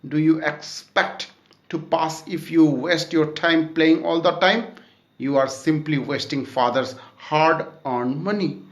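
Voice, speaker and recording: A man's voice: on the high side, slow pace, roomy sound. A man reading the part of a stern, studious elder brother who scolds and lectures his younger sibling. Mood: scolding.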